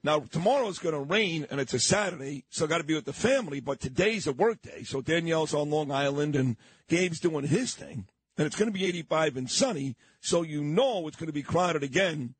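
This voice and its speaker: Lively fired-up male radio host. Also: a little high, husky, no echo. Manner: fired-up, ranting, quick to laugh. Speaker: radio talk show host. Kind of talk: morning radio banter.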